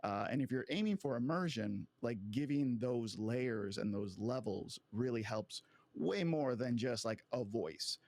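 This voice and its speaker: A man game master talks loosely on a panel, full of fillers and quick to joke. His pitch is middle for a man. The sound is dry and close. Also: lively intonation, a little mellow, dry recording. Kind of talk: casual panel discussion.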